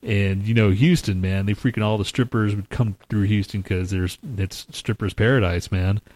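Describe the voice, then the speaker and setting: A man's voice: lowish voice, steady tone, moderate pace, a little mellow. A man co-hosting a podcast in casual chat, rambling and swearing, with "man" and "freaking" as his fillers. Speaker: podcast co-host.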